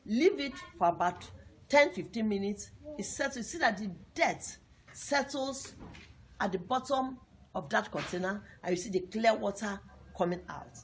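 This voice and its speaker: A woman's voice: mid-range voice, slight background noise. A woman teaching a lesson to young pupils, repeating points emphatically and asking the class questions.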